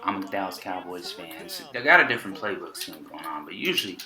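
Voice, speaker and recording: Laid-back Texan man with a deep voice. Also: sing-song, fast, music in the background. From Texas. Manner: laid-back, slangy, trash-talking. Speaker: gaming YouTuber. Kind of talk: casual game commentary. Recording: roomy with game crowd noise behind.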